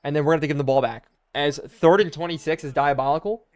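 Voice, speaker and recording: A young man streaming a football video game live, calling plays, shouting in excitement and thanking chat. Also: a little high, clean tone. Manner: excitable, bursts into loud exclamations, thanks viewers rapidly. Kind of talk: live stream commentary while reading chat.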